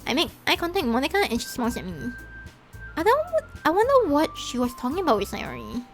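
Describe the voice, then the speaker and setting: Woman streamer reading a visual novel out loud, high voice, super expressive. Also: fast, faint music behind. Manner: animated and emotionally reactive. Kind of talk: reading a visual novel aloud while playing.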